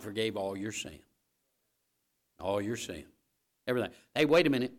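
A man preaching a sermon, addressing the congregation directly, repeating key phrases and building to loud, emphatic peaks. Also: fairly low pitch, lively intonation, moderate pace, long pauses. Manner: talks straight to the congregation with asides like "all right?".

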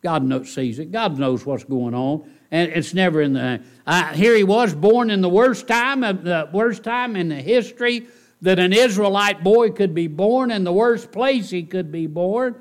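A man preaching a sermon in church, folksy and animated, often asking the congregation rhetorical questions. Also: sits high, a little slow. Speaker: pastor.

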